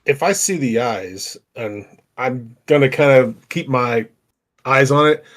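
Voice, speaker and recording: A man's voice: medium pitch, unhurried. A man playing in a tabletop role-playing game, stammering a little and laughing at himself. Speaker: player.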